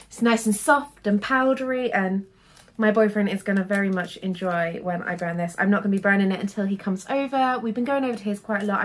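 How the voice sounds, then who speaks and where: A young woman in a casual haul vlog, talking in a chatty, rambling way full of fillers. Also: mid-range voice. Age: young adult. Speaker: vlogger.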